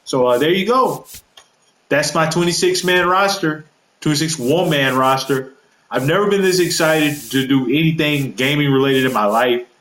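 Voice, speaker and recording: A man's voice: fairly high pitch, moderate pace, a bit bright, reverberant, poor audio. A man rambling casually through a walkthrough of his created game roster, with lots of fillers and self-corrections. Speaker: gaming video creator.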